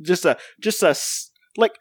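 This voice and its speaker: A man's voice: high-pitched, unhurried, breathy edge, no room sound. A man co-hosting a podcast in casual chat, rambling with lots of fillers and restarts. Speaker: podcast co-host.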